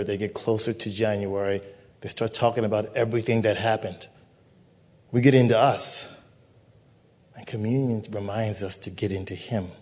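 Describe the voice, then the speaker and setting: A man's voice: fairly low pitch, darkish tone. A male pastor giving a communion sermon, repeating phrases with emphatic preaching cadence.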